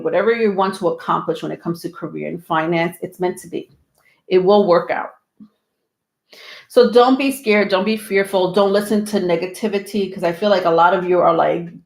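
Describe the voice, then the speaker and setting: A woman's voice: lowish voice, darkish tone. Breathless woman reading tarot live. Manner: reassuring, rambling with many ums. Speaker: tarot reader hosting a livestream. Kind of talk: live tarot reading, casual chat to viewers.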